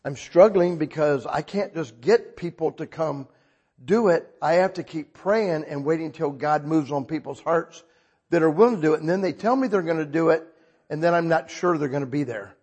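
An older man preaching a sermon in a husky voice, talking conversationally and asking the congregation frequent questions. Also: a little high, normal speed, darkish tone. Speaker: pastor.

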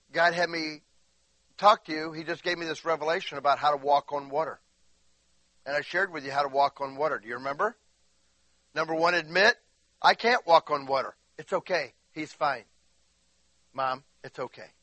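A man preaching a sermon, emphatic, going from quiet asides to crying, shouting peaks, and speaking while in constant bodily pain. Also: fairly high pitch, normal speed, long pauses, no echo. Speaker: pastor.

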